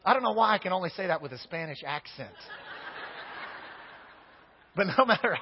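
A man's voice: sits high, expressive, normal speed, long pauses, long reverb tail, muffled recording, a little hiss or hum. A man preaching a sermon in church, talking straight to the congregation with playful asides. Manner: conversational, addresses the congregation directly with playful asides. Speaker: pastor.

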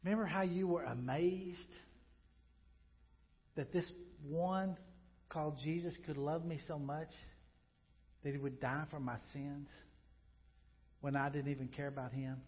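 A man preaching a sermon as pastor, conversational and emphatic, moving from loud emphasis to quiet reflection, with joking asides. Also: a little high, steady tone, a little slow, pauses often, lo-fi sound.

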